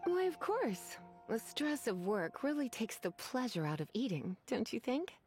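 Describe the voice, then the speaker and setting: Prim, haughty librarian. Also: female voice, fairly high pitch, very animated, moderate pace, darkish tone, faint music behind. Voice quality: haughty, proper. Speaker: librarian collecting overdue books. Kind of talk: video game character dialogue.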